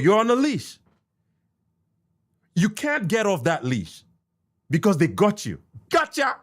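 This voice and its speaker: A young Nigerian man with a Nigerian English accent and pidgin, hosting a podcast and ranting heatedly, repeating himself and cursing. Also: high-pitched. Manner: heated, repetitive, cursing, indignant. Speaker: podcast host reacting to an interview. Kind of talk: ranting commentary.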